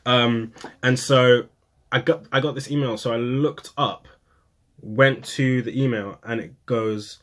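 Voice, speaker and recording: A young man, a poet and vlogger, telling a personal story in casual talk to camera, acting out quotes with sudden high, excited bursts. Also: a little slow.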